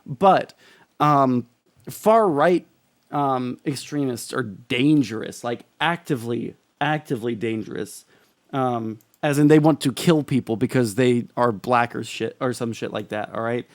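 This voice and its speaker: A man's voice: medium pitch, unhurried, no echo. A young man giving casual political commentary as a streamer, profane and ranting, with many restarts.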